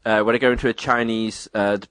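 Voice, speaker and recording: Animated English man telling rambling stories. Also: on the low side, a little fast, slight background noise. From England. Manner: rambling, animated storytelling with voiced quotes. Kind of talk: casual chat, anecdotes.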